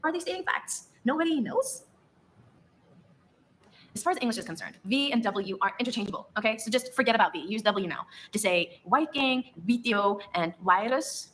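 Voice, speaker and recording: A woman narrating a comedic mock tutorial in a deadpan, instructional way. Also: mid-range voice, fairly quick, few pauses, a little hiss or hum, poor audio.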